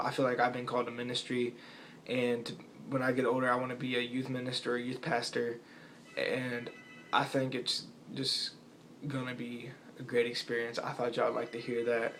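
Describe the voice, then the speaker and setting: A man's voice: medium pitch, monotone, normal speed, a bit bright, a little hiss or hum. A teenage young man, casually telling his personal faith testimony and retelling conversations in a rambling way. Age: teens. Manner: rambling, retells chats with "I was like".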